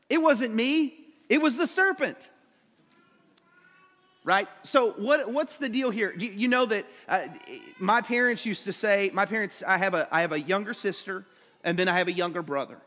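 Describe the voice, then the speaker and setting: A man preaching a sermon, telling the story with animated emphasis and acting out the characters' lines. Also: sits high. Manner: animated storytelling, acts out voices with rising emphasis. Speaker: pastor. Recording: long hall reverb.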